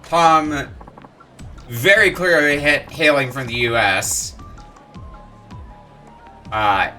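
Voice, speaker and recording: A man's voice: mid-range voice, extremely slow, bright, forceful tone, soft background music. A man streaming a video game, chatting casually and playfully with his viewers. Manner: chatty and playful, laughs easily. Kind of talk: casual gameplay commentary.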